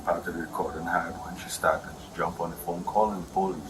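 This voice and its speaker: A low-voiced man talks fast and rambles, aggrieved and repetitive as he explains his side to an officer. His voice has a gravelly rasp. The audio is noisy, like body-camera sound inside a house. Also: flat delivery. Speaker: husband explaining a domestic dispute. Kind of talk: heated complaint to an officer. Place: indoors at a house.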